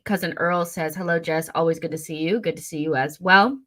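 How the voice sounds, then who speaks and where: A young woman with a lowish, slightly bright voice hosts a casual fan livestream, speaking a little fast in a steady tone. She rambles and chats through viewer comments with plenty of fillers and self-corrections, recorded on a studio mic at her desk.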